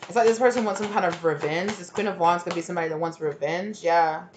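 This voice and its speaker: Low-voiced woman doing a rambling tarot reading. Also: steady tone, fast, noisy background. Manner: rambling, heavy use of "like", sudden exclamations. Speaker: tarot reader.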